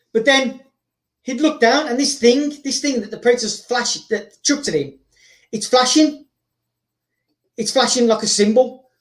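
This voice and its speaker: A man hosting, rambling excitedly through a story told casually, with frequent repeats and restarts. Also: very high-pitched, moderate pace. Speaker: host. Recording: roomy echo.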